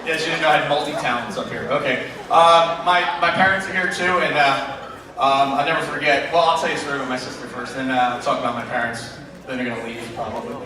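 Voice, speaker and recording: A man's voice: medium pitch, steady tone, fast talker. Man doing stand-up in an echoey hall. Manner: self-deprecating, rambling asides. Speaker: chemistry teacher doing stand-up. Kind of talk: stand-up comedy routine. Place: school auditorium stage with live audience. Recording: echoey auditorium taped from far off. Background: laughing crowd and loud room noise.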